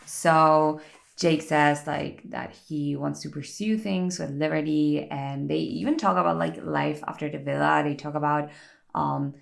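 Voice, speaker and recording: Gravelly low-voiced woman chatting. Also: measured pace. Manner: chatty, animated recap full of "like" fillers. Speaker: vlogger. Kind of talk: casual get-ready-with-me chat.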